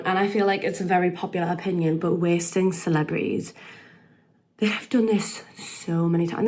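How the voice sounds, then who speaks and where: A young woman, a podcast regular, giving blunt, animated opinions in a casual chat. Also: on the low side.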